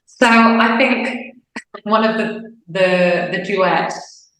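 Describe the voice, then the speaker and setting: A woman's voice: mid-range voice, drawn-out words. Chatty woman in an echoey room. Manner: chatty, animated, acts out little quoted bits of dialogue. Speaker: opera singer, interview guest. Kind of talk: casual interview chat.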